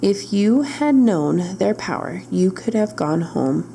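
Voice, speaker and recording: A woman voicing a calm, wise good witch in a storybook reading. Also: mid-range voice, slow pace, gravelly, background noise. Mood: reassuring.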